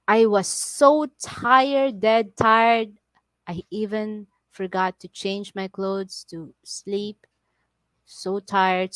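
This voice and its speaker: A woman with a Filipino accent chats to her livestream viewers in unhurried, drawn-out phrases. Her English is broken but lively, and her storytelling is animated and full of laughter. The sound is dry and close, with no room around it. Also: a little high, dry recording. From Philippines. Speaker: vlogger on a livestream. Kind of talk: casual livestream chat.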